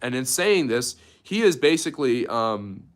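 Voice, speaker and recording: Speaking unhurriedly in a mid-range voice with big swings in pitch, this history teacher lectures off the cuff on a livestream. He stumbles through fillers and restarts and occasionally stops to respond to chat.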